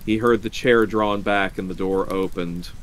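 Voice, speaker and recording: A man reading a horror story aloud on a live stream with a measured, dramatic delivery. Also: low voice, fairly even intonation, a little hiss or hum.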